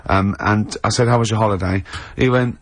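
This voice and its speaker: A man hosting a radio show in a studio, chatting casually and telling animated stories in which he mimics a friend. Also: on the low side, brisk, no echo. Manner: animated anecdotes with impressions of a friend. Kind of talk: casual radio chat, storytelling.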